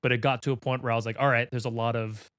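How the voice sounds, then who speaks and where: Wry podcast host, man, halting. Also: mid-range voice, little pitch movement, a bit bright, no room sound, clean studio sound. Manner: halting, hedging with fillers, wry. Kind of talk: casual chat.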